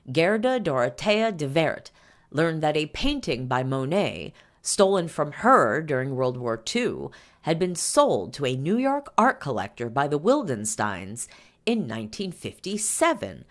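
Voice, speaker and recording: A woman hosting a podcast, reading an article aloud and breaking off for chatty asides full of fillers. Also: low-pitched. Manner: chatty asides with fillers between read passages. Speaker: podcast host.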